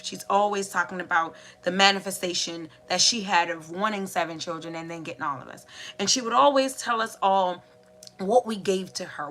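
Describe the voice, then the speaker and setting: A woman in her thirties hosting a podcast, telling family stories in a casual, animated way and acting out the voices of her relatives. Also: mid-range voice. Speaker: podcast host. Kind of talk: casual storytelling monologue.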